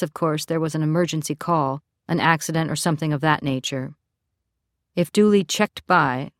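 Low-voiced woman narrating an audiobook. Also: dry recording, studio quality. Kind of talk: scripted narration.

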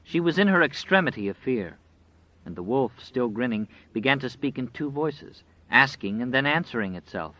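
A man narrating an audiobook in a dramatic, measured storytelling style. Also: medium pitch, expressive, pushed and bright, no room sound. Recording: dry, slightly dull audio.

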